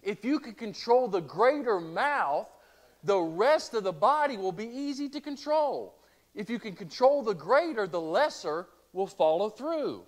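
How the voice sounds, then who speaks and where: High-voiced preacher. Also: male voice, sing-song, measured pace. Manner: earnest preaching with rhetorical questions. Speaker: pastor. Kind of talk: sermon.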